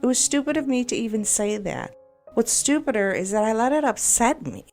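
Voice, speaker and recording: A game video creator with a fairly high, darkish voice speaks in a brisk, animated way. She rambles through a personal story, upset and exasperated, with self-doubting asides. It's a venting monologue, and faint music plays in the background.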